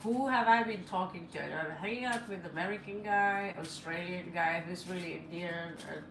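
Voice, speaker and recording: A woman's voice: lowish voice, moderate pace. A woman who does not speak English as her first language, chatting and laughing as she reads tarot cards aloud on a live stream, in slightly broken English. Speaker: tarot reader. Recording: echoey room with faint ambient noise.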